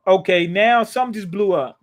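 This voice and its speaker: Hosting a live comic reaction, this man talks a little fast in a high voice. His manner is casual and slangy: he reads panels aloud, paraphrases them in his own words, and keeps restarting and laughing softly.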